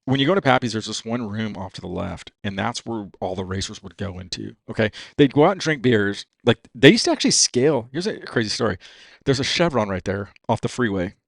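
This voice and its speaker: Rapid-fire, gravelly-voiced man in his fifties, from California, swearing and dude-ing through his stories, dry close sound. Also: fairly low pitch, dry recording. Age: 50s. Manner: profane and animated, says "dude" constantly. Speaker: podcast guest, racer. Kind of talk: casual storytelling.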